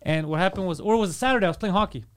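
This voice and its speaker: A man hosting a podcast in casual chat, telling stories in an animated way and swearing freely. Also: sits high, racing. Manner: profane, animated storytelling. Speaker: podcast host.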